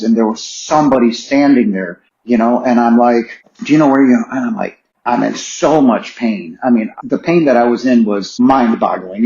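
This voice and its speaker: A man's voice: medium pitch, a little mellow. A middle-aged man speaks as a podcast guest, sharing a personal story with earnest emotion and insistent repetition. His voice sits in an ordinary middle register. The recording is echoey, with a slightly dull, narrowed tone. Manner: earnest and emotional, repeating phrases for emphasis. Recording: roomy, slightly dull sound.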